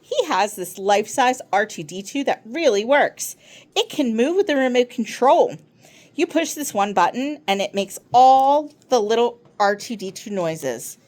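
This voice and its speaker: Woman reading chatty schoolboy, excitable, rambling, eager, very lively pitch, storybook. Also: unhurried.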